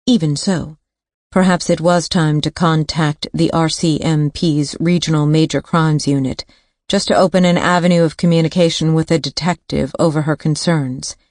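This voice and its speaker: Woman reading a thriller audiobook, low voice, super dry close sound. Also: steady tone, normal speed, a little mellow, no echo. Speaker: audiobook narrator. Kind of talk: scripted thriller narration.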